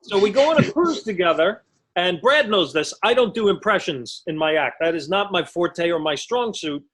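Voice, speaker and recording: Stand-up comic, male, forties, high voice, conversational storytelling with self-mocking punchlines, performing over a video call from home. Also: lively intonation, moderate pace, a bit bright, breathy edge, low-quality recording. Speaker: stand-up comedian.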